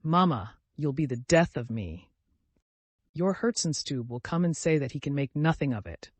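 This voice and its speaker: Lively, bossy invalid girl for an audiobook, read by a man, dry close sound. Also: dry recording. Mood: demanding. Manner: commanding, quick and high-strung. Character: sickly, capricious teenage girl, imperious and excitable. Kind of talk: audiobook character reading.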